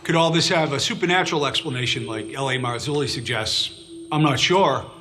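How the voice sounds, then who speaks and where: A man speaking in a documentary interview, measured and thoughtful. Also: medium pitch, bright, forceful tone. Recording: documentary clip played in hall, music.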